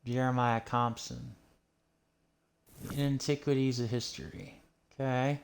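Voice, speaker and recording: A man's voice: medium pitch, flat delivery, slow, vocal fry, slight background noise. A man streaming a western video game, chatting casually and thinking aloud while he plays. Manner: chatty, talks to himself while playing. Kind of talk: casual gameplay commentary.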